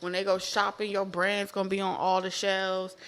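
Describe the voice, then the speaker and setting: A woman giving a casual tarot reading to camera, animated and profane, repeating herself with laughing asides. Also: medium pitch, moderate pace. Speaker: tarot reader.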